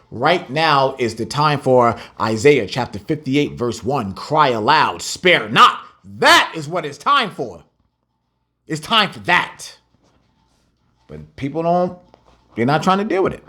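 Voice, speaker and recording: A man teaching a bible lesson in a preaching style, emphatic, repeating key words and reading scripture slowly. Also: mid-range voice, fairly bright tone. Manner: reads scripture slowly and deliberately.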